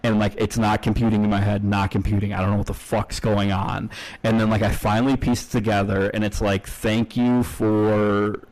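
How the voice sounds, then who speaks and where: A man's voice: lowish voice, level tone, moderate pace, a little mellow, rough recording. A man co-hosting a podcast, telling a long story in casual chat, rambling with lots of fillers and frequent swearing. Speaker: podcast co-host.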